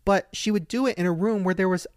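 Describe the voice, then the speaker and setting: A man's voice: sits high, fast, no echo, clean studio sound. A man co-hosting a podcast in casual, gossipy chat, often mimicking people as he tells stories. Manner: gossipy, animated, mimics people mid-story. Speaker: podcast co-host.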